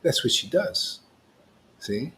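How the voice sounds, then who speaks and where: A man's voice: mid-range voice, very animated, takes it slowly, bright, forceful tone. A man giving an informal spiritual talk as a teacher, rambling and often checking in with "see?" and "you know.".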